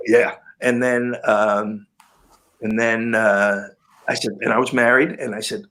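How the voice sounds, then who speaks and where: A man's voice: medium pitch, a little slow. An older man, a guitarist guest, telling anecdotes in a casual interview and acting out the people he quotes. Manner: animated anecdote-telling, quoting people in lively voices.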